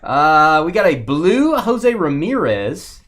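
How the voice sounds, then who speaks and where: A man's voice: fairly high pitch, slow. A man hosting a live sports card break, calling out the cards he pulls and teasing his co-host. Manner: teasing, animated, calls out cards and players.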